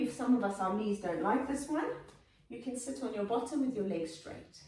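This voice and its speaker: A South African woman leading a yoga class, giving calm, encouraging cues and gentle options. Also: a little high. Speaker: yoga instructor. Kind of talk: guided yoga class instruction. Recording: very echoey room, from a distance.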